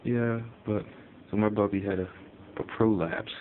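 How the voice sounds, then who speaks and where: A man with a very deep voice talks loosely about his pet, full of fillers and restarts. He is recording himself on a phone, so the sound is thin and tinny, with faint background ambience. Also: moderate pace, slight background noise. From Connecticut, US. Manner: rambling, relaxed, many fillers. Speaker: pet owner. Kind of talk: casual phone vlog.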